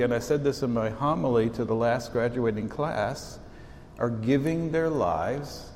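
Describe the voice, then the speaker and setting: A man's voice: mid-range voice, slight background noise. A man in his sixties, a bishop, giving an informal talk to students, telling stories in a folksy, conversational way. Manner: folksy storytelling, warm asides. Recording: echoey hall, long reverb, faint ambience.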